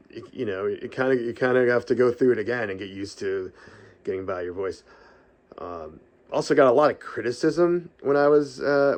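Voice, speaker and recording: A middle-aged man with a fairly low voice chats loosely in a vlog. He rambles through fillers and restarts, laughs a lot, and sometimes trails off in a breathy sigh after a long run of words. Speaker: podcaster. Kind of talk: casual vlog talk.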